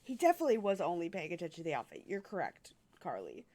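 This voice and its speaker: A woman's voice: on the low side, huge pitch swings, fast, a little mellow. A young woman streamer, chatty and amused, commenting casually on a game.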